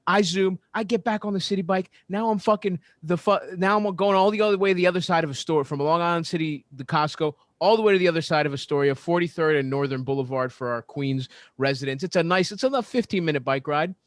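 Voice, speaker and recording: A man with a slightly high voice rants through a sports story on a podcast, swearing constantly and speeding up in fast bursts. The sound is dry and close, with no room echo. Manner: profane, animated, ranting, fast bursts. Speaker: podcast co-host.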